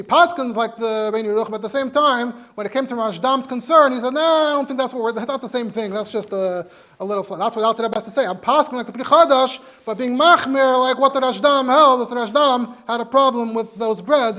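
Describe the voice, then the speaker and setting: A man's voice: very high voice, fairly bright tone. A man, a rabbi, teaching a halacha class in English. He explains sources step by step and mixes in Hebrew and Yiddish terms. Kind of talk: Torah lecture.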